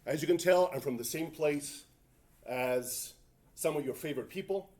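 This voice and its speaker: A man's voice: on the high side, moderate pace, darkish tone. A man giving a tech talk at a conference, rambling and self-mocking with jokey asides. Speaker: conference presenter. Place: conference room.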